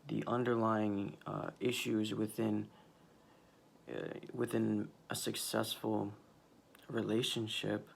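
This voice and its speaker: A man doing a casual tarot reading, talking haltingly with many restarts and emotional pauses. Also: lowish voice, little pitch movement, gravelly, slight background noise. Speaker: tarot reader.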